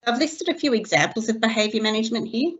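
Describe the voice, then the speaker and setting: Measured woman reading a webinar. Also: on the high side. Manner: steady, measured, reading from slides. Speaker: early childhood educator trainer. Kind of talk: scripted webinar narration. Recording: slightly dull lo-fi recording.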